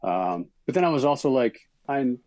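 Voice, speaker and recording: A middle-aged man from Minnesota, a guest actor, telling stories in a relaxed interview chat with many fillers. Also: deep voice, moderate pace, dry recording, poor audio.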